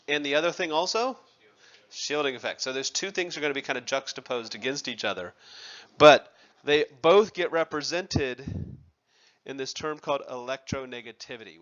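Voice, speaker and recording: A man's voice: mid-range voice, a bit bright, dull audio. A man teaching a chemistry class in a conversational lecture, asking his students questions and making wry asides.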